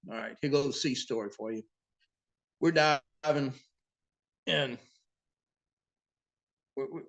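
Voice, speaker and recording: A boat captain, a man, telling sea stories in a casual, profane, animated way as an interview guest. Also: mid-range voice. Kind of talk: casual storytelling.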